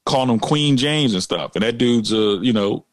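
A man's voice: medium pitch, normal speed, no room sound. A man co-hosting a casual chat, talking emphatically with lots of "like" and "man". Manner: animated, emphatic, heavy use of fillers like "man" and "like". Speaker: podcast co-host.

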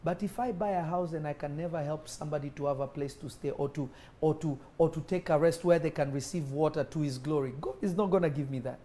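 A man's voice: fairly high pitch, fast talker, few pauses, mellow. A man preaching a sermon as a prophet. He speaks emphatically, repeats himself and asks the congregation questions. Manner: emphatic and repetitive, with call-and-response questions.

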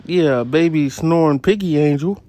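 A young man hosting a casual podcast, telling profane stories into a phone voice memo app and jumping up high when he quotes people. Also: normal speed, mellow. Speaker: podcast host. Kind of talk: casual chat, storytelling.

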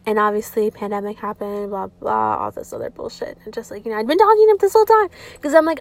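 A woman's voice: medium pitch, wildly swooping pitch, quick pace, hardly any pauses. A young woman vlogging, rambling through a confessional story with plenty of swearing and "like". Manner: rambling, profane, heavy use of "like".

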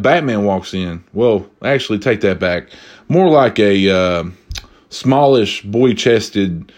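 A young man telling a comedic story casually, profane and animated, jumping from high exclamations to low asides. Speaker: vlogger.

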